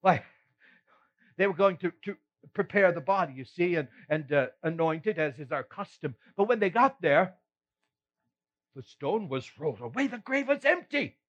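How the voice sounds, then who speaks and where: A man's voice: high-pitched, lively intonation, moderate pace, highs cut off. A man playing Peter, a chuckling old-time fisherman. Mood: animated. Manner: chuckling, folksy storyteller. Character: the apostle Peter, a middle-aged fisherman telling his story. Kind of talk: first-person dramatic monologue.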